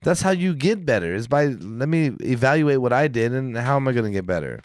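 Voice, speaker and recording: In a mid-range voice with big pitch swings and a fairly quick pace, the man co-hosting the podcast spins long, rambling, swear-heavy stories and acts out quotes. The studio sound is clean, with no room sound.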